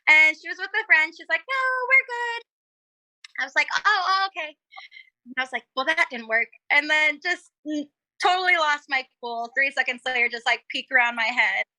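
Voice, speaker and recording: A woman's voice: high voice, sharp tone, dry recording. A woman guest chatting casually on a talk show, telling stories with lots of giggles and acted-out quotes. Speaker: podcast guest. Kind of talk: casual chat.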